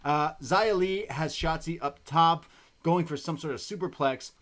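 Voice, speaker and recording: A man co-hosting a wrestling podcast, recapping the show in casual chat with animated, excitable storytelling. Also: fairly high pitch, measured pace.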